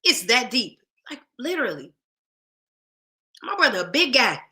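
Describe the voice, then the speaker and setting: A woman's voice: on the high side, sing-song, normal speed, sharp tone. A woman hosting a casual talk show, speaking emphatically straight to her viewers and repeating phrases for weight. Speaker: show host.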